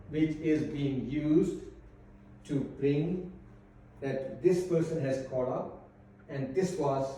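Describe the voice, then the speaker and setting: A man teaching a class, explaining slowly and carefully with pauses. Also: on the high side, dark tone, a little hiss or hum. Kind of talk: classroom lesson. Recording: echoey room, mic far off.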